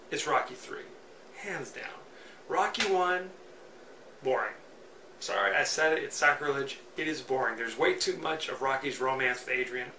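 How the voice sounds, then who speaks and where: A man hosting a solo podcast, giving chatty, joking, opinionated movie commentary. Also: on the high side. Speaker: podcast host. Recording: roomy, distant mic, faint noise.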